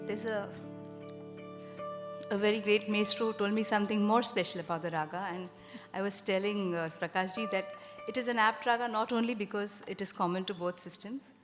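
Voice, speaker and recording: A woman presents a concert in a teacherly, chatty way, throwing questions out to the audience. Her voice carries a long hall reverb, and soft instrument sounds sit underneath. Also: mid-range voice, fairly even intonation, a little fast, over music. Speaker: carnatic vocalist presenting a concert. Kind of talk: explaining music to a live audience.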